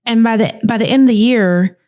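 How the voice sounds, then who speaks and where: A woman co-hosting a podcast, chatting casually and explaining things at length in a lively, talkative way. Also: a little high, brisk. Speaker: podcast co-host.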